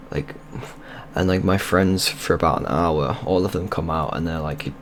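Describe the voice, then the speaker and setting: A man's voice: sits low, steady tone, normal speed, slight background noise. A young man, telling a rambling, sweary story in casual vlog style over gameplay. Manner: rambling, sweary and loose, with many restarts. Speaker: video creator.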